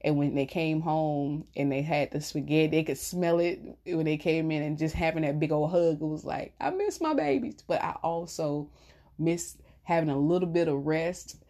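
A woman's voice: deep voice, flat delivery, moderate pace. A middle-aged woman chatting casually to viewers, telling stories with laughter. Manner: chatty, warm storytelling with laughs. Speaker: vlogger.

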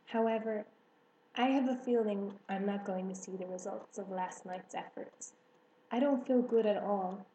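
A woman voicing a gentle, wise female spider who speaks quietly and softly. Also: medium pitch, moderate pace, echoey room, highs cut off, a little hiss or hum, lightly acted. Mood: tender. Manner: quiet, soft-spoken.

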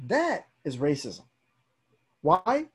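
A man's voice: on the high side, very slow, slightly rough. A young man in casual conversation as a podcast host, telling stories animatedly and acting out the people he quotes. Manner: animated storyteller, acts out quoted voices.

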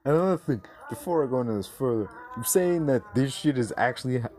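A man rants into his podcast mic, swearing freely and dripping with sarcasm. His voice sits in a middle pitch but leaps and dips with lively, animated swings. He sounds thoroughly exasperated. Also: fast. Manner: profane, exasperated, sarcastic ranting. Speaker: podcast host. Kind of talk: ranting podcast commentary.

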